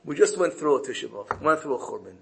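Higher-voiced man telling a Torah parable. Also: expressive, fast talker, gravelly, noisy background. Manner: storytelling, lifts his voice when quoting characters; repeats words and restarts phrases. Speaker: Torah teacher.

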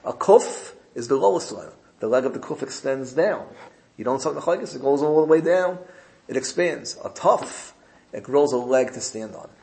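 A man's voice: medium pitch, animated, normal speed, vocal fry, dark tone. Earnest man teaching a Talmud class. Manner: earnest, repeats phrases for emphasis; mixes in Hebrew and Yiddish terms. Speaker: Torah teacher.

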